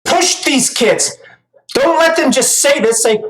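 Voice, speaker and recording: A woman's voice: high-pitched, lively intonation, slow pace, poor audio. A woman commentator giving angry reaction commentary, ranting, profane and scolding.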